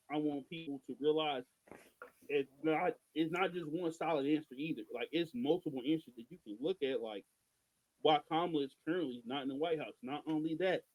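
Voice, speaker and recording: A man's voice: a little high, darkish tone, rough recording. A man from Missouri co-hosting a casual podcast, ranting in an exasperated, emphatic way. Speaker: podcast co-host.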